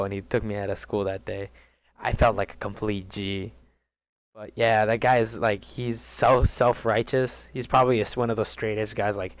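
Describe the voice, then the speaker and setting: A man's voice: lowish voice, moderate pace, dry recording. Rambling young man telling a story. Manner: rambling, animated storytelling with crude jokes. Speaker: vlogger. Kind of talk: storytime vlog.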